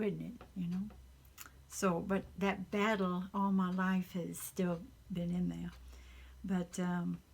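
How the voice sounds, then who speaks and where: A woman from the Southern United States with a Southern accent, chatting casually in a soft, half-whispered, rambling and earnest way in her home craft room. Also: fairly low pitch, gravelly, breathy edge. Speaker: craft channel host. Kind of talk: casual chat.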